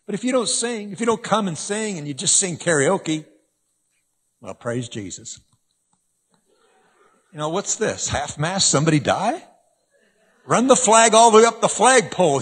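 A man with a husky, fairly high voice preaches with lively rises and falls in pitch. He moves between loud emphatic lines and quiet asides. His voice rings out with a long hall reverb, as in a church sanctuary. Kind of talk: sermon.

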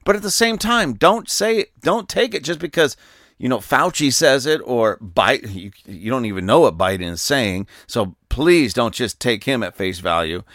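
A man's voice: medium pitch, lively intonation, normal speed, fairly bright tone, dry recording, clean studio sound. A man hosting a political commentary podcast who preaches emphatically and tells stories to drive his points home. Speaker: podcast host.

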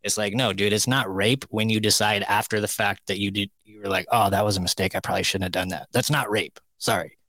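A man's voice: lowish voice, fairly even intonation, fast, few pauses, bright, forceful tone, no echo. A man co-hosting a casual chat podcast, telling stories in a blunt, profane way. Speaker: co-host.

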